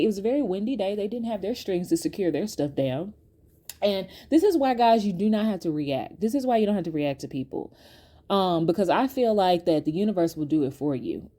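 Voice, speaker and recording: A woman hosting her own podcast, telling a storytime in a chatty, animated way and talking straight to her listeners. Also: a little high. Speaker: podcast host. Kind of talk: casual storytime to viewers.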